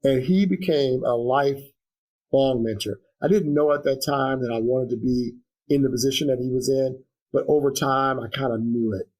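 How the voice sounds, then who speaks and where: Interview guest, middle-aged man, earnest and reflective, mid pitch. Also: moderate pace, a little mellow, low-quality recording. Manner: earnest, reflective, many restarts and fillers. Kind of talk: conversational interview.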